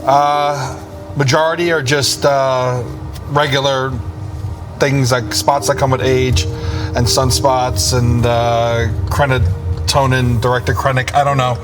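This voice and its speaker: A man's voice: mid-range voice, little pitch movement, slow. Guy rambling into his camera in the car, um and uh a lot, music under it. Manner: anxious then relieved, rambling with many fillers. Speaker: vlogger. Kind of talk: personal vlog, talking to camera.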